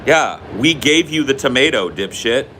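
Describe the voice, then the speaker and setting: A man's voice: mid-range voice, lively intonation, moderate pace, background noise. A man from the United States co-hosting a podcast, trading casual banter and ranting in a profane, teasing way. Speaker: podcast co-host.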